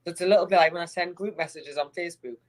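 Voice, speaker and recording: A woman with a fairly low voice chats bluntly and casually on a video call, talking in plain, everyday terms. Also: rapid-fire. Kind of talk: casual chat.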